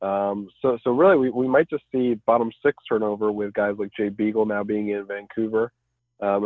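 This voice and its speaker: Casting: male podcast guest, mid-pitched, measured, heard over a tinny dry phone line. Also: no echo. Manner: measured, many ums. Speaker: guest, team blogger. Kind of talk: casual interview.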